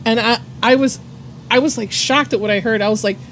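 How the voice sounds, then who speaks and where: A woman's voice: fairly high pitch, fairly quick, fairly bright tone, slight background noise. A woman casually chatting on her art livestream, rambling with lots of fillers, swearing and laughing. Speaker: art streamer.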